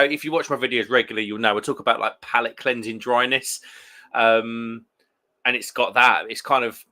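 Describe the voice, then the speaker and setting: A man hosting a live beer stream, chatting loosely with viewers. His voice sits at an ordinary pitch but sounds very bright and forward. He rambles, restarts, and fills gaps with "um". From England. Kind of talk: casual live chat reading viewer comments.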